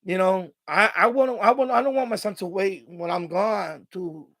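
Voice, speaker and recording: A man's voice: sits high, moderate pace, fairly bright tone, no echo. A middle-aged man hosting a live stream from home, talking emotionally and getting choked up, rambling with many restarts. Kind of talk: casual live stream chat.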